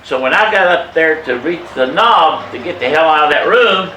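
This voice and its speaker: A man in his eighties telling a family story from his childhood in a casual, animated way, emphatic and salty, chuckling as he goes. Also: on the high side, normal speed, a little hiss or hum. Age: 80s. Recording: echoey room, mic at a distance.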